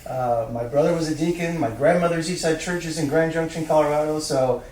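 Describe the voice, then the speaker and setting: A man's voice: a little high, brisk, a little mellow. A man interviewing a film director, effusive and chatty, with fillers and praise. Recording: echoey room, distant mic, faint noise.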